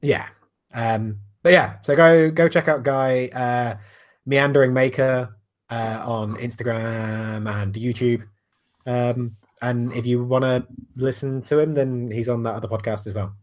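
A man hosts a podcast in a loose, rambling way. He swears casually as he chats. His voice sits at a middling pitch. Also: fairly even intonation, a little slow. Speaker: podcast host. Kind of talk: casual chat.

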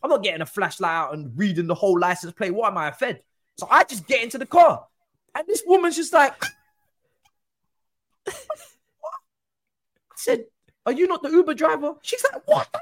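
A man telling an animated story in casual chat, acting out other people's voices. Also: sits high, fast. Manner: animated, acts out quoted voices. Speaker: guest football pundit.

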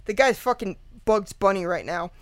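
A woman's voice: mid-range voice, lively intonation, normal speed, no echo. A woman guest casually retelling a true-crime story, rambling with lots of fillers, laughing and swearing. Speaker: podcast guest.

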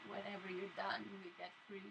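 A woman from Bulgaria talking slowly and thoughtfully in a casual podcast conversation. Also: mid-range voice, monotone, gravelly. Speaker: podcast guest, artist. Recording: noisy background.

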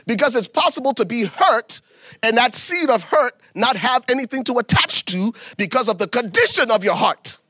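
A man preaching a sermon in an animated, folksy way, turning to the congregation and acting out little scenes. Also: very high voice, moderate pace, slightly rough, no room sound. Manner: animated preaching with acted asides; folksy, addresses congregation as y'all. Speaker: pastor.

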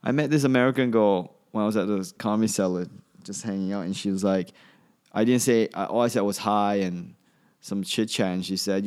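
Deep-voiced rambling man with an Australian tinge. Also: brisk, a little mellow. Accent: slight Australian. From Asia. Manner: rambling, chatty, self-correcting. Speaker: podcast host and comedian. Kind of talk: solo podcast monologue.

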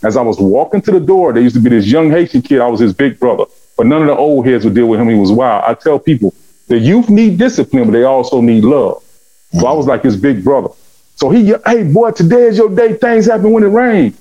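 Fast-talking man preaching his testimony. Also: dull audio. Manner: animated, acts out dialogue with big pitch swings; fervent and preaching. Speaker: guest telling his life story. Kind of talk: emotional testimony storytelling.

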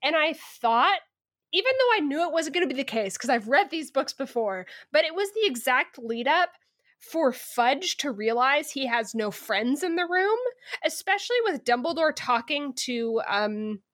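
A woman's voice: high-pitched, lively intonation, moderate pace, a bit bright. A woman co-hosting a podcast in casual chat, talking in a sarcastic, incredulous way. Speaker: podcast co-host. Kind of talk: casual book-discussion chat.

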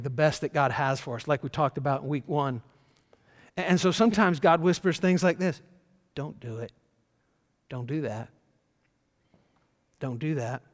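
A middle-aged male pastor preaching with a fairly high voice that rings through a long reverberant hall. He repeats and restarts his words as he talks, and sinks into quiet whispers when he speaks as God. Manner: shifts to soft whispers for God's voice. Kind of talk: sermon.

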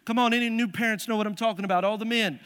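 A male pastor delivers an animated sermon in a church, his voice strikingly high and bright. His emphasis keeps rising as he presses his points. The sound carries a long echo from the church hall. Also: racing, smooth. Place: church sanctuary.

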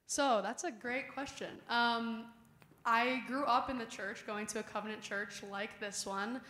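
A young woman from the Chicago suburbs, a youth leader, telling her story in a relaxed way as a guest in church. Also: a little high, unhurried. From Chicago suburbs, USA. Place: church sanctuary. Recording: roomy church echo.

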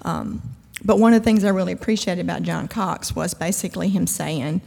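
A woman's voice: fairly low pitch, fairly quick, vocal fry, few pauses, darkish tone. A woman giving a conversational, emphatic sermon-style talk at a church event, with humor and frequent asides. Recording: long hall reverb.

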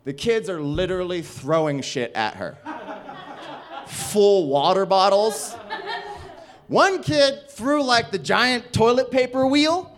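Man, comedian, casual storytelling, animated, swearing, slightly high voice. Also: takes it slowly. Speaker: stand-up comedian guest.

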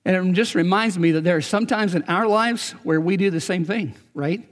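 A man's voice: sits high, moderate pace. A male pastor preaching a sermon earnestly, often checking in with his listeners by asking "right?". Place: church sanctuary. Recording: long church reverb.

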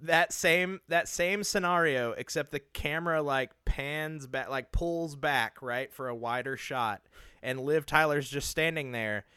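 A man's voice: a little high, measured pace, sharp tone, smooth, no echo, studio quality. A man co-hosting a podcast in casual comedic chat, joking and laughing often as he riffs on bits. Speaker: podcast co-host.

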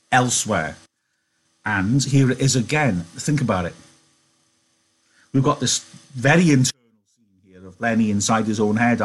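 A man's voice: mid-range voice, breathy edge, poor audio. A man teaching literature, reading aloud and analysing a novel in a conversational way, with rhetorical questions.

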